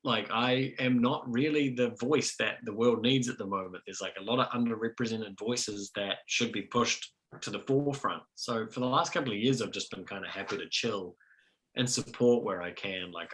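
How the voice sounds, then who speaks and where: Bright-voiced New Zealand man. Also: fairly low pitch, low-quality recording. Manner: chatty, self-deprecating, many fillers. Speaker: filmmaker guest. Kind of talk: casual video-call discussion.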